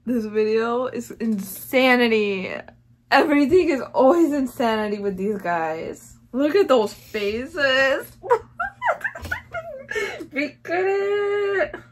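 A woman's voice: high-pitched, animated, slow. A young woman hosting a music video reaction, gushing and exclaiming, now and then dropping in Japanese words. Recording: faint music behind.

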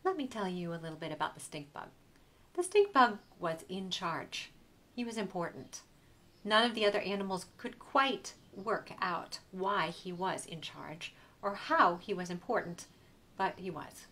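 A woman museum educator reading a picture book aloud to young children in an expressive, sing-song way. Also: lowish voice, measured pace.

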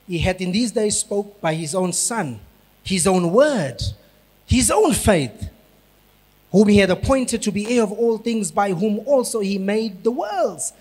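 Man, pastor, sermon, high husky voice, slow deliberate delivery, long hall reverb. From South Africa. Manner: preaching with rising, shouted emphasis.

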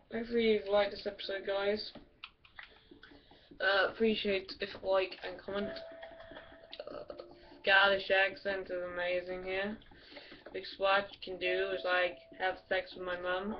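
A woman's voice: mid-range voice, level tone, moderate pace, pauses often, far from the mic, slight background noise. A woman giving casual, rambling game commentary, crude and swearing often. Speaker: gameplay commentator. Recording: dull lo-fi from off mic, loud music behind. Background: loud music.

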